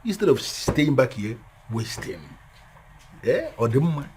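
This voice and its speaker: A man's voice: medium pitch, sing-song, a little slow, a little mellow, slight background noise. An older man with a Nigerian accent playing a stern father and head of the house in a film drama. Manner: stern, scolding.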